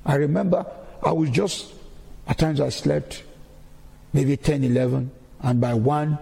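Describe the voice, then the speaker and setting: A man's voice: fairly high pitch, fairly even intonation, measured pace, creaky, mellow, slightly rough, long reverb tail. A man giving a sermon-style testimony in a church, repeating key phrases as he preaches.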